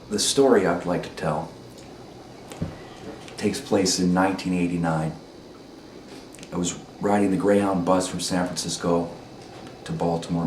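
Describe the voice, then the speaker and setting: Low-voiced man telling a story carefully. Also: a little mellow. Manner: deliberate, careful, with pauses and ums. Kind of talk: measured spoken storytelling. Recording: roomy, distant mic with noise.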